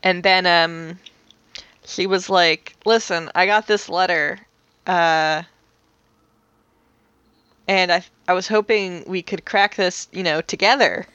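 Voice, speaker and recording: A woman's voice: on the low side, steady tone, slow, pauses often, fairly bright tone, clean tone, no room sound, highs cut off. Woman podcast host, casual rambly recap, lots of ums and swearing, dry close sound. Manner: chatty, swearing, full of fillers and laughs.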